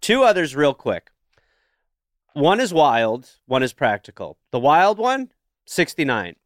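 Comedy podcast co-host, man, smooth lively voice, playful. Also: a little high, dry recording, clean studio sound. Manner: playful, quick jokes. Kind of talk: casual advice chat.

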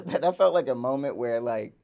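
A man of middle pitch whose voice swings up and down a lot. He co-hosts a recap podcast, joking in easy, chatty banter. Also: lively intonation, normal speed, gravelly, warm tone. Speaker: podcast co-host. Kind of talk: casual chat recapping a TV episode.

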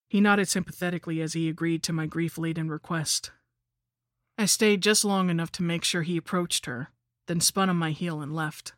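A male narrator reads a scripted first-person horror story aloud with a wry storyteller's manner. His voice is fairly high, steady, and fairly bright at normal speed, in a dry, clean studio recording.

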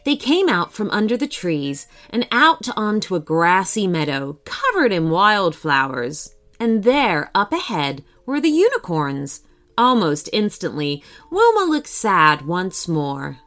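A woman narrating a children's story gently, switching voices for each character. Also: lowish voice, big pitch swings, a little slow.

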